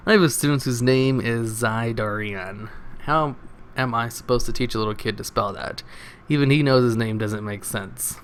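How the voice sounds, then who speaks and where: Man, mid-pitched voice, reads online comments aloud, casual and sarcastic, slight hiss behind. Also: fairly bright tone. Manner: casual, sarcastic reading with chuckles. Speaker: reader of online posts. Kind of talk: reading forum comments aloud.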